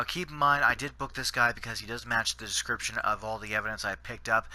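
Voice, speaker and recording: A man's voice: medium pitch, sharp tone. A Canadian man giving rambling gameplay commentary, full of fillers and restarts. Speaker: gaming channel host.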